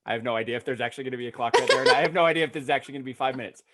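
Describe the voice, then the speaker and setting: A man co-hosting a casual interview, talking in a relaxed, halting way with restarts. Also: medium pitch, very noisy. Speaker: co-host.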